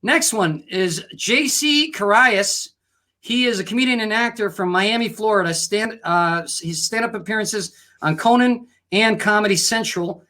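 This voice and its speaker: Upbeat male comedy show host, bright voice, jokey and casual. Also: high-pitched. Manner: upbeat, laughs often. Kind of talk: casual comedic chat and joke telling.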